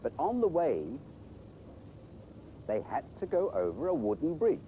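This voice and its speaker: A man presenting children's TV with a playful, sing-song storytelling voice. His pitch swoops very widely, and his tone is warm and mellow. Faint outdoor noise sits behind him by a pond. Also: sing-song, measured pace, rough recording.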